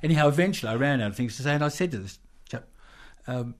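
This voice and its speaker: An older Australian man, an interview guest, telling a long anecdote in a lively way and acting out the voices in it. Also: mid-range voice, fast talker. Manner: lively storyteller who acts out quoted voices. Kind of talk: anecdotal storytelling.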